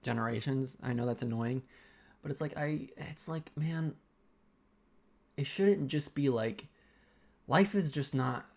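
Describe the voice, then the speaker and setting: A young man vlogging a casual personal rant, halting and rambling as he keeps restarting his sentences. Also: medium pitch.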